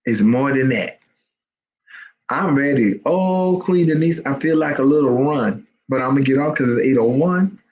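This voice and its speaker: A man's voice: mid-range voice, lively intonation, normal speed, darkish tone. A man hosting an inspirational faith livestream, talking in an emphatic, repetitive, preacherly way. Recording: dull lo-fi sound.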